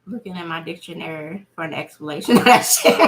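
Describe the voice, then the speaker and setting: A woman giving casual reaction commentary who laughs constantly and exclaims loudly. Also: low-pitched, noisy background. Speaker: reaction video host.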